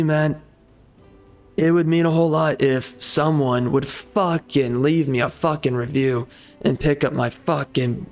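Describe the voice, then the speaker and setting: A man's voice: fairly high pitch, fairly even intonation, soft background music. Frustrated man ranting, swearing. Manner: angry, profane, halting restarts. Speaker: gaming channel host and author. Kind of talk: frustrated rant over gameplay.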